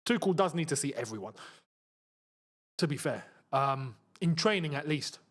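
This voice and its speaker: A man's voice: fairly high pitch, expressive, normal speed, a bit bright. A man hosting a live football watchalong, commenting casually, reading chat messages and repeating himself in frustrated outbursts.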